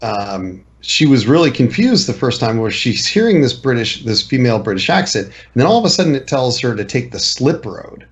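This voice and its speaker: A man co-hosting a casual podcast, telling a relaxed anecdote. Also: mid-range voice, brisk, hardly any pauses, dull audio. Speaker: podcast co-host. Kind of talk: casual storytelling chat.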